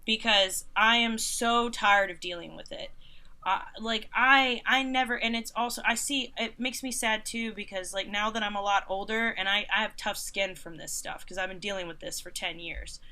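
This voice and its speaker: A woman in her thirties, a concert photographer and interview guest, telling stories in a casual, animated and sarcastic way, acting out other people's lines and using "like" a lot. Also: mid-range voice, moderate pace. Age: 30s. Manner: frequent "like" fillers.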